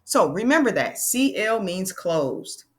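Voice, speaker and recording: A woman teacher giving a lesson to young learners, patient and encouraging, calling them friends and slowing down to spell out sounds. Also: mid-range voice, very animated.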